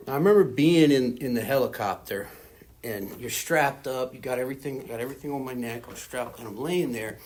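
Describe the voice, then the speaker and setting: Man, 40s, husky voice, recovery meeting speaker, casual rambling testimony, candid, lots of fillers. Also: mid-range voice, brisk, darkish tone. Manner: casual, rambling, heavy on "you know" and "like"; candid and self-deprecating about his past.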